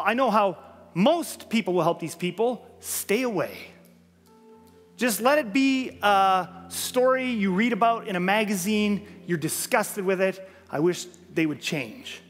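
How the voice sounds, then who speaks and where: A man's voice: high voice, a bit bright, in a large hall. A man preaching a sermon as pastor, earnest and emphatic, building points through repeated phrases. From Canada. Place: church sanctuary.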